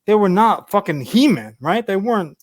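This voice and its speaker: Male co-host, profane rambling storyteller, a bit high-pitched, dry recording. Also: big pitch swings, normal speed, dry recording. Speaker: podcast co-host. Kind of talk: casual chat.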